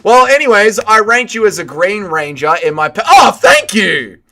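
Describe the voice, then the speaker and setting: A young man hosts a livestream, reading out viewer messages and answering in chummy, profane banter. His voice sits a little high and has a bright, forceful edge. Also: expressive, moderate pace. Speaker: livestream host. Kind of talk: casual chat, reading viewer chat aloud.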